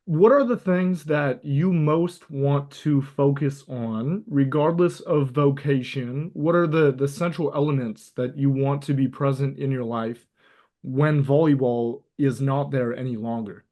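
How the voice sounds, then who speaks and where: Male host, slow-paced, measured, thoughtful questions. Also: mid-range voice, warm tone. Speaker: podcast host. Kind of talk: interview questions.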